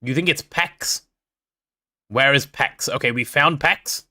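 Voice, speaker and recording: A man's voice: medium pitch, slow, bright, forceful tone. A young man with a posh London accent chatting casually on a live stream, reading chat aloud and hamming up mock drama. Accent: London English. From England.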